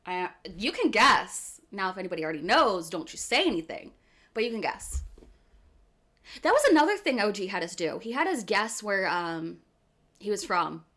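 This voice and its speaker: A woman streamer from outside Philadelphia with a Philly accent, chatting casually with her viewers. She is animated and chatty, laughs often and keeps saying "okay.". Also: medium pitch, moderate pace. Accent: Philadelphia area. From US East Coast, outside Philadelphia.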